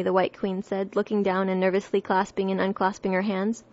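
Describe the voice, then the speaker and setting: Woman narrator, storybook reading, mid pitch, steady, dull lo-fi recording. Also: a little fast, hardly any pauses. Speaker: audiobook reader.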